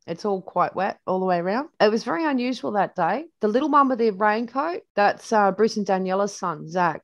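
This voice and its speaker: A woman's voice: medium pitch, no echo. A woman with an Australian accent tells stories loosely, as if walking a friend through a photo album. Her voice sits in a middle register, and she often doubles back on her own words. The sound is dry and close, with no room around it. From New South Wales, Australia. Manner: chatty and rambling, with many restarts; vivid anecdotes with reported speech. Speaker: interview guest. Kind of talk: casual storytelling over photos.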